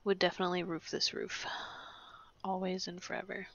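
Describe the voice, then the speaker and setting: A woman's voice: fairly low pitch, completely flat delivery, fairly quick, a bit bright, slightly rough, muffled recording. A young woman casually commenting while playing a life-simulation game, often whispering and amused. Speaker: gaming channel host. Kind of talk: casual let's-play commentary.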